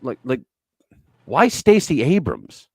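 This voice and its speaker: A man hosting a casual political chat show, talking bluntly and crudely with lively storytelling. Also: medium pitch, slow pace, creaky, husky, dry recording, studio quality. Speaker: show host.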